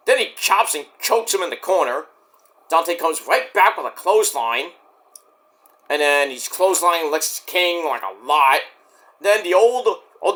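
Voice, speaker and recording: A man recaps a wrestling show in a loose, chatty way, swearing freely and slipping into the wrestlers' lines. His voice sits a little high and swings up and down a great deal. The tone is bright and forceful. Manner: profane, chatty, acts out quotes. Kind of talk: casual recap and review.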